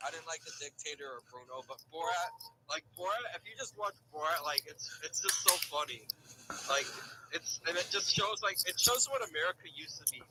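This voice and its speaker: A man chatting casually on a podcast in a slightly high voice. His speech is halting and full of fillers, and clear background noise sits under his voice. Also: lively intonation.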